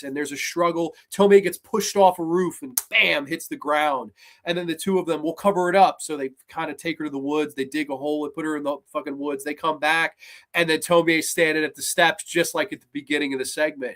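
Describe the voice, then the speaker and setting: A man hosting a horror show, reviewing films in an excited, rambling, profane way. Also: a little high, fairly quick. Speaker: horror podcast host. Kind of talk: casual film review.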